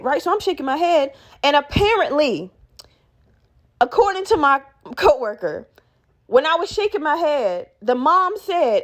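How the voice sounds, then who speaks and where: High-voiced woman telling a profane story. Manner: animated, heavily profane, acts out quotes. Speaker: podcast host. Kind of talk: casual storytelling.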